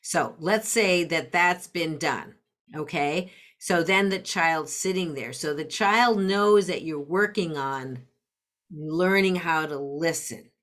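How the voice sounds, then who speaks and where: Slow-spoken woman explaining patiently. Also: low voice, a bit bright. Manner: patient, explains step by step with acted-out example phrases. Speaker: parenting coach, podcast guest. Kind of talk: explanatory interview talk.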